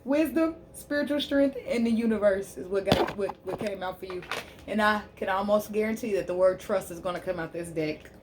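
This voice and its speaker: A woman giving a tarot reading on her channel, preaching fervently to her listeners and softly repeating prayerful invocations as she draws cards. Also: mid-range voice, steady tone, fairly quick, background noise. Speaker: spiritual healer and tarot reader.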